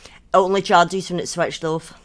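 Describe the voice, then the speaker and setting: A woman from Northern England chats easily with her co-host through a headset. Her tone is relaxed and teasing, and she drops in "aye" now and then. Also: on the low side, moderate pace. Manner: relaxed, joking, says "aye". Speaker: podcast co-host. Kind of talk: casual chat.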